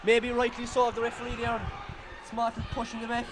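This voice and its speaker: Irish man, partisan match commentator, very high voice, excitable, scolds players. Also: a little fast, a little hiss or hum. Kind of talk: partisan local sports commentary.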